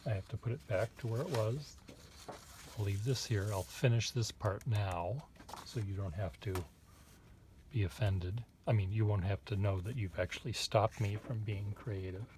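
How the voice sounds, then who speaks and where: Give me a man with a lowish voice, rambling and hesitant as he chats while drawing at his desk, with faint pen scratching behind him. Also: moderate pace, noisy background. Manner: rambling, hesitant, wry asides to viewer. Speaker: artist reviewing pens. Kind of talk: casual chat while drawing.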